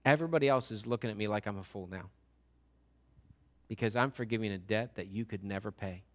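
Man voicing a forgiving king, low and hushed, slow, solemn, grave. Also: lightly acted. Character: merciful king, hurt but forgiving, man.

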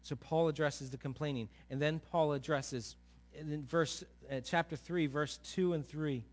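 A man preaching a sermon as a pastor, animated, acting out quoted voices, swinging from quiet to loud. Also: fairly high pitch, unhurried.

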